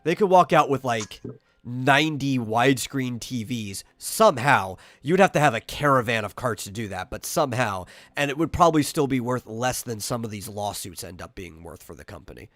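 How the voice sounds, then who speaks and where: A man's voice: medium pitch, expressive, normal speed, fairly bright tone, no echo. A man co-hosting a casual online talk show, chatty and opinionated, often repeating words as he starts. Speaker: podcast co-host. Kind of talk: casual chat.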